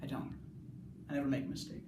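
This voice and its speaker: A man's voice: fast talker, a little hiss or hum. Rambling young man in an echoey bathroom. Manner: rambling, many "like"s, bursts of yelling. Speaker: student video reviewer. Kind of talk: casual plot recap. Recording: echoey bathroom, mic far off.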